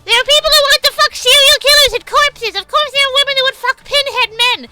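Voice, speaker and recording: Very high-voiced blunt woman streamer. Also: steady tone, fast, pushed and bright. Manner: blunt, profane, rambling. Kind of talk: casual stream chat. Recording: game music behind.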